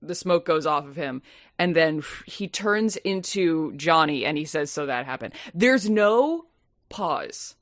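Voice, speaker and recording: A woman co-hosting a casual movie-review podcast, her pitch leaping around a lot as she rambles, laughs and swears. The sound is dry and close, with no room around her voice. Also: animated, slow, dry recording. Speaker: podcast co-host.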